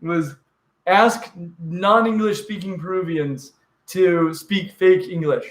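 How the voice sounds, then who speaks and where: A man's voice: sits high, slow. Playful man in a roomy echo. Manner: playful, acts out animal voices. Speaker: host. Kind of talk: casual livestream chat.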